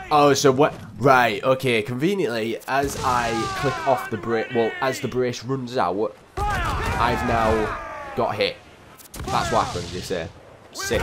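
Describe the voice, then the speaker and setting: A young man with a mid-range voice mutters to himself over gameplay, repeating his frustrations in an exasperated way. His commentary sits over loud game music and cannon fire, leaving the background noisy.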